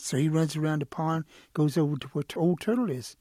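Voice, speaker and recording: A man telling a folk tale aloud in an unhurried, lively way. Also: fairly high pitch, no echo, studio quality. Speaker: storyteller. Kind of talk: oral folk storytelling.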